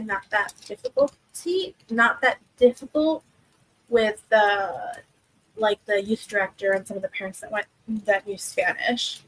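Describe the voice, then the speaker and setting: A young woman with a medium-pitched, slightly rough voice hosts a livestream from her desk at home, heard over a rough recording. Chatting casually with the live chat, she rambles and keeps using fillers and starting over.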